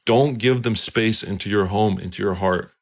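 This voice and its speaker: A man's voice: on the low side, normal speed. Earnest man preaching a story. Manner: earnest and emphatic, urgent appeals.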